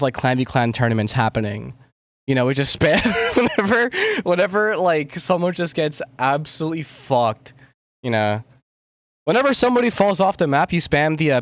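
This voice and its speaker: A man's voice: mid-range voice, sing-song, normal speed, dry recording, studio quality. A young man talks casually on a music-making livestream, rambling and swearing under his breath. He trails off and mumbles between thoughts as he clicks away at his desk mic. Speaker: music producer streaming.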